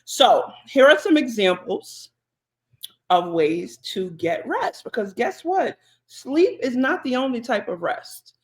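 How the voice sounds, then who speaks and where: A woman co-hosts a podcast. She talks in a relaxed, chatty way, full of fillers and side remarks. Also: a little high, slow pace. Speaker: podcast co-host. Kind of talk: casual podcast chat.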